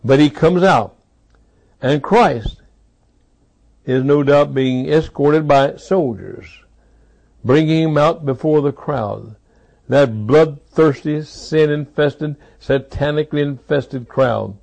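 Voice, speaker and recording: A man's voice: a little high, slow, vocal fry, a little mellow. A man preaching a sermon, with dramatic delivery and heavy repetition for emphasis.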